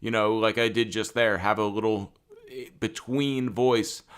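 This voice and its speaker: A young man co-hosting a casual sports-broadcasting chat, talking conversationally with many fillers and getting animated when excited. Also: lowish voice, measured pace, clean tone. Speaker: co-host.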